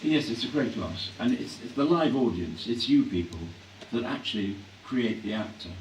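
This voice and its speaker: An older English man reflecting on his acting career in a live on-stage interview, clearing his throat often as his voice grows hoarse. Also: mid-range voice, animated, moderate pace. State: voice growing hoarse. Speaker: actor being interviewed. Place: hall at a public event. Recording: echoey hall from a distance, faint hum.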